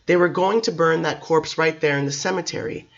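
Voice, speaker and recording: A man's voice: a little high, fairly even intonation, fairly bright tone, lo-fi sound. A man doing a distraught, drunken Englishman. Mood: desperate. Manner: emphatic, pleading, halting. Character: distraught Englishman, middle-aged, drunk and desperate.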